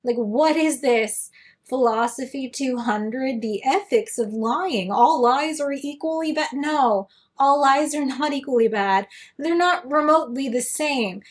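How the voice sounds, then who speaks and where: A woman giving casual commentary as a video essayist, retelling things in a sarcastic, lively way. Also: on the high side.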